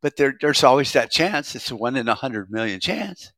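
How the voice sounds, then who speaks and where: A man's voice: mid-range voice, very animated, normal speed, hardly any pauses, fairly bright tone, no echo. An American man giving a rambling, profane monologue as a prepper vlogger, with frequent restarts.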